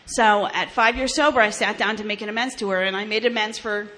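A woman's voice: mid-range voice, steady tone, brisk, a bit bright. A woman, frankly telling her own recovery story, blunt and swearing, with restarts and laughs. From New Jersey, US. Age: 30s. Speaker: recovery speaker. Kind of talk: candid personal testimony.

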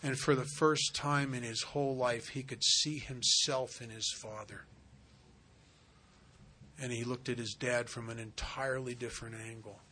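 A man's voice: mid-range voice, steady tone, normal speed, sharp tone, a little hiss or hum. A man speaking at a recovery meeting as a sponsor, telling a personal story in an earnest, conversational way.

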